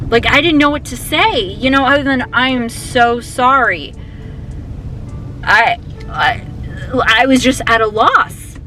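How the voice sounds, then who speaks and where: A woman's voice: a little high, poor audio. Chatty young woman vlogging, music behind. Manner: chatty, excitable, many fillers and restarts. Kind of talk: casual vlog chat. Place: car, then store and home.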